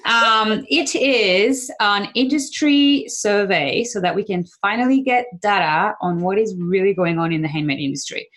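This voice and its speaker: A woman co-hosting a casual podcast chat, talking in quick runs full of fillers and restarts. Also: medium pitch, animated, a bit bright. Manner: chatty, many fillers and restarts. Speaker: podcast co-host.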